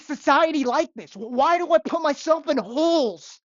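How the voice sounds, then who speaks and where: A woman's voice: high-pitched, expressive, normal speed, hardly any pauses, no echo. A young woman, a restaurant busser, ranting in a vlog monologue with sarcastic exasperation and repeated phrases. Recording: dull, lo-fi and dry.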